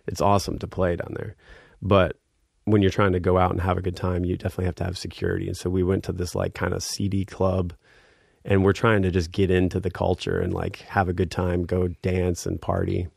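A man's voice: deep voice, monotone, brisk, gravelly, a little mellow, breathy edge, no echo, clean studio sound. A man in his thirties, a guest musician, telling a story in a laid-back way with many fillers, getting livelier as he acts out scenes. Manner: laid-back, filler-heavy, reenacts scenes with rising energy. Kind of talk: casual storytelling.

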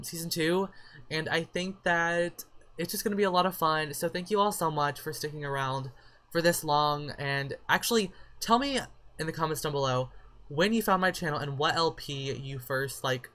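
High-voiced young man, rambling and emotional. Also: fairly bright tone. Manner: rambling, filler-heavy, emotional. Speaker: let's play creator. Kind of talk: casual outro chat to viewers.

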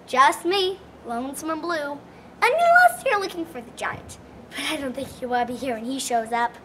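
A woman's voice: high-pitched, very animated, normal speed, distant mic, background noise. A woman voicing a sassy, lonesome female jukebox that talks in country song lines.

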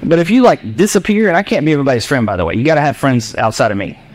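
A man preaching a sermon as pastor in a church, animated and jokey, acting out voices of his listeners. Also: mid-range voice, racing.

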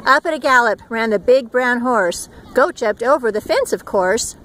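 A woman reading a picture book aloud in turns, steady and gentle, outdoors at a beach. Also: a little high, moderate pace. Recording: faint outdoor background noise.

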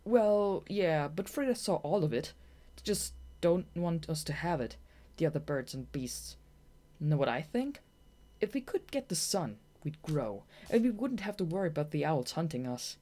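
A woman's voice: sits low, big pitch swings, mellow. A woman reading an audiobook, voicing a young male bat who is a hot-tempered, boastful runt. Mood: earnest. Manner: eager, boastful, quick to take offense.

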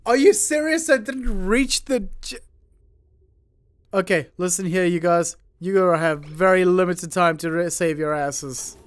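A man commentating his first try at a game, panicking, laughing and yelling at his characters, then calming down to talk to viewers. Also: sits high, unhurried, no room sound. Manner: calmer, chatty sign-off to viewers. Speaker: gaming YouTuber. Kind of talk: let's play commentary.

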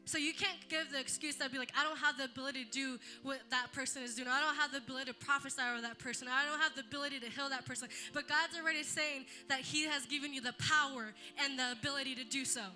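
A young woman leading a church youth talk, telling stories in an animated way and acting out what others said. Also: sits high, fast, few pauses, soft background music. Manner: animated storytelling, acts out quotes. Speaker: youth leader.

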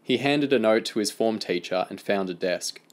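A man reading a novel aloud in a steady, even narration. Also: fairly low pitch, moderate pace. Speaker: audiobook reader.

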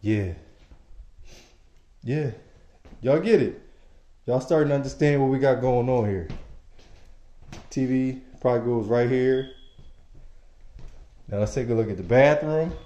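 A man's voice: medium pitch, measured pace, long pauses, warm tone, muffled recording. A man leading a casual walkthrough tour of an empty house, speaking with enthusiasm straight to his viewers in casual slang as he walks from room to room. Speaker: property manager giving a home tour. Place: empty house, indoor rooms. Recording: echoey empty rooms.

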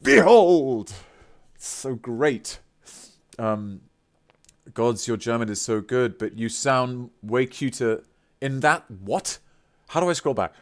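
A British man, a voice actor streaming a game, chatting excitedly with viewers and reading their messages aloud with playful theatrical outbursts. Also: mid-range voice, measured pace. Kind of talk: live-stream chat with viewers.

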